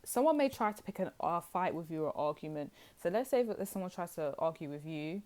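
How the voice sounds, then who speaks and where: Young female tarot reader, deep-pitched, loose and rambling, direct to camera. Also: animated, brisk, darkish tone. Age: young adult. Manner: chatty, rambling, addresses viewers as guys. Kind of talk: casual tarot reading to camera.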